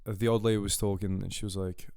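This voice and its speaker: A man's voice: fairly low pitch, level tone, quick pace, darkish tone, smooth, dry recording, clean studio sound. A young man co-hosting a podcast, telling a long travel anecdote in a rambling, casual way, acting out the people he met. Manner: rambling anecdotes with quoted voices, swearing. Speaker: podcast co-host. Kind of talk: casual storytelling chat.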